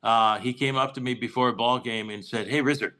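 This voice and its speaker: A man's voice: medium pitch, fairly even intonation, brisk, bright, forceful tone, poor audio. An older man, a longtime baseball broadcaster, chatting as a guest and telling stories with quoted voices. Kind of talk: casual interview chat, storytelling.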